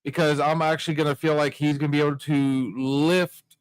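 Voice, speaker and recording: A man's voice: a little high, level tone, fairly quick, clear, resonant tone, no echo. A man co-hosting a casual bar-show chat, answering with jokes at his own expense. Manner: joking, self-deprecating, laughs often.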